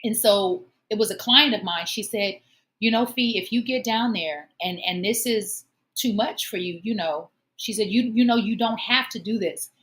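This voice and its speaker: A woman's voice: mid-range voice, moderate pace, fairly bright tone. A woman hosting her own show, speaking earnestly and encouragingly in a heartfelt personal monologue. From Omaha, United States. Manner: earnest, encouraging, emotional at times. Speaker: show host.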